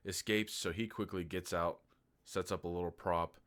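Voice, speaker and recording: A man's voice: deep voice, steady tone, normal speed, a bit bright. A man giving a casual, rambling movie review, candid and loose, with lots of filler words and the odd swear.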